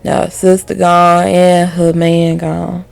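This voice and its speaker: A woman's voice: fairly low pitch, completely flat delivery, slow pace, creaky, faint music behind. A woman reviewing a TV episode to camera in a candid, heated, profane way, laughing often. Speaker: TV show reviewer. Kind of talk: casual video review.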